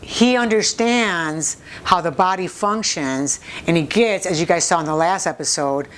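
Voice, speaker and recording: A woman's voice: fairly low pitch, normal speed. A woman co-hosting a casual talk show with her husband, chatty and earnest. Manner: chatty, laughs easily, earnest. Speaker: co-host. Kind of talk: casual chat.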